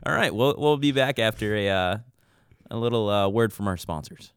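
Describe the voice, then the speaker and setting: A young man co-hosts a podcast, rambling, joking, and laughing often in casual chat. His voice is on the low side, clear and resonant at normal speed, recorded in a clean studio with no room sound.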